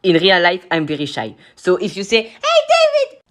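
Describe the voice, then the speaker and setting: A man's voice: high voice, a little fast, bright, forceful tone. A Belgian man with a French accent who talks to the camera in casual, playful chat, giggling often and cooing at animals. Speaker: video creator.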